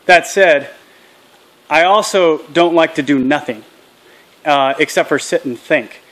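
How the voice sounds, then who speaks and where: A man's voice: fairly high pitch, a little slow, fairly bright tone. An earnest man hosting a casual vlog outdoors, talking candidly and peppering his talk with acronyms. His voice sits a touch above the usual male range. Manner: earnest and candid, drops acronyms and military jargon. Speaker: channel host. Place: outdoors at a small farm processing setup.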